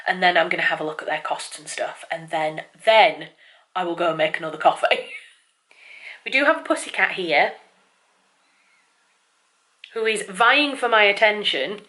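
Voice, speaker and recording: A woman writer and vlogger with a lowish voice and sharp tone chats casually to camera. She rambles with lots of fillers and sounds a bit apologetic and self-conscious toward her viewers.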